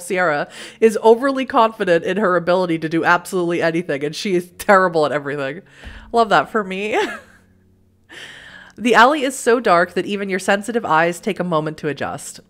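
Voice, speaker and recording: A woman's voice: on the low side, a bit bright. A young woman hosting a let's play, reading a story game aloud with giggly, self-mocking asides.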